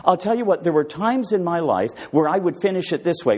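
A man's voice: high-pitched, fairly quick. A man preaching a sermon, asking his listeners rhetorical questions. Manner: animated, rhetorical questions to the congregation.

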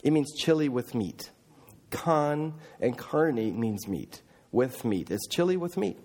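A middle-aged man preaching a sermon as a missionary, telling stories earnestly and emphatically, often dropping quiet and then rising again. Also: mid-range voice, expressive, slow. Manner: earnest, emphatic, with restarts and swings from loud to quiet. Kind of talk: sermon storytelling.

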